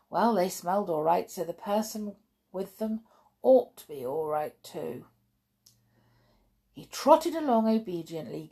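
A woman reading a children's story aloud as a podcast host, gentle and expressive. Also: lowish voice, creaky, breathy edge. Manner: gentle, expressive, chatty sign-off.

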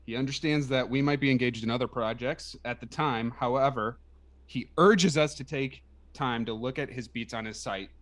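A man's voice: medium pitch, moderate pace. A man co-hosting a film podcast, reading out a listener email in a dry, casual way. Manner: dry, reads emails aloud. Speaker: podcast co-host. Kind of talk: casual chat.

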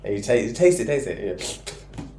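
A man's voice: mid-range voice, moderate pace, a crowd in the background. Slangy young man, echoey room. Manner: animated storytelling, slangy, laughs often. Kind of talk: casual chat.

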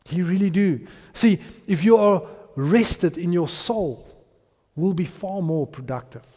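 At a measured pace, a middle-aged pastor originally from an Afrikaans background in South Africa preaches with a fairly high, lively voice. Repetitions, stumbles over words, chuckles between points, and moments of hushed speech mark his sermon. His voice rings with long reverb across a large hall.

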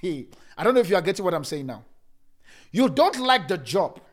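A man preaching as a pastor, repeating phrases for emphasis, and swinging between loud emphatic lines and soft, laughing asides. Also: high-pitched, big pitch swings, moderate pace. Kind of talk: sermon.

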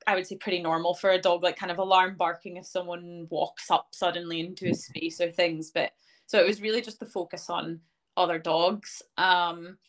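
This interview guest, a young woman who owns a dog, has a lowish voice with a level tone and a moderate pace. Her storytelling is loose and chatty, packed with fillers like "um" and "like," and she performs the lines others spoke.

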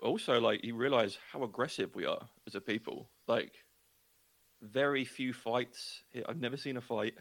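An animated man with a Luton English accent tells stories in relaxed conversation. He slips into other people's voices as he talks. The sound is dry and close. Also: mid-range voice, normal speed, no room sound. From England. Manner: chatty, animated storytelling with quoted voices. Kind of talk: casual chat.

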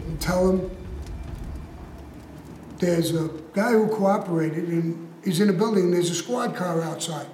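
Heated, profane man with a high voice. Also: a little mellow, roomy sound, slight background noise, rough recording. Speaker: interview guest, former prison inmate. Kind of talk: casual storytelling in an interview.

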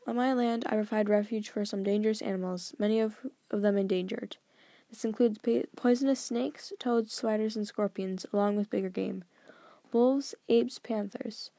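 A woman's voice: medium pitch, steady tone, warm tone, no room sound, lightly acted. Woman voicing a stern, grave old grandfather. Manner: measured, grave, lecturing.

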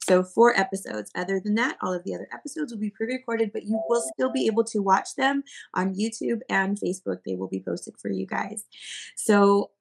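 Woman podcast host, casual and bubbly, a bit of fry in the voice. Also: mid-range voice, a little fast. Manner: bubbly, giggly, animated. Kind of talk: casual chat. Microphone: streaming podcast mic.

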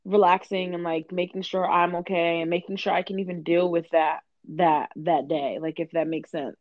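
A young woman talks candidly and swears freely in a casual chat, slipping into quoted back-and-forths as she tells her stories. Her voice sits a little low, and the recording is dull and lo-fi, with a dry, close sound. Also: flat delivery, moderate pace, no echo. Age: young adult. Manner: candid, profane, acts out conversations.

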